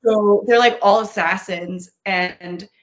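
A woman from New Orleans chatting casually on a podcast, animated, swearing freely and acting out her own reactions as she talks. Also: mid-range voice, slow.

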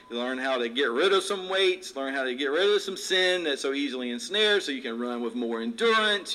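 A man preaching a sermon, reading scripture aloud and breaking off into relaxed, joking asides. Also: on the high side, low-quality recording. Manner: conversational preaching with asides and jokes. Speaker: pastor.

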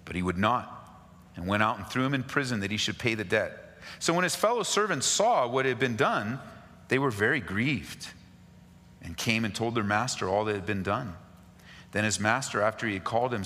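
A man preaching a sermon, reading scripture aloud and speaking directly to the congregation, moving from raised, urgent pleas to low, quiet asides. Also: animated, moderate pace. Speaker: pastor. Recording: long hall reverb.

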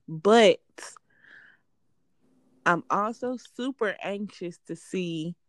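A woman's voice: lowish voice, no echo. A young woman co-hosting a casual podcast, talking bluntly with profane jokes. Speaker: podcast co-host.

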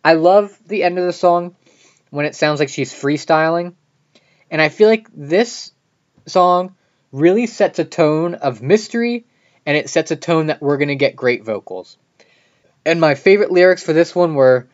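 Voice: medium pitch, animated, measured pace, lo-fi sound. Chatty podcast host with filler words. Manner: chatty, many "like" fillers and restarts. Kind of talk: casual album review monologue.

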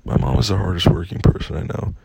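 A young man venting in a casual storytime rant, profane and exasperated, with a gravelly, husky voice. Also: deep voice, fast talker, background noise. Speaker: vlogger.

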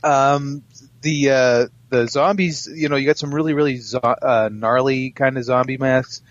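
A man co-hosting a podcast, talking about films in a relaxed, measured way with hesitant fillers. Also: mid-range voice, no echo. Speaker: podcast co-host. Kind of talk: casual film chat. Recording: dull lo-fi sound.

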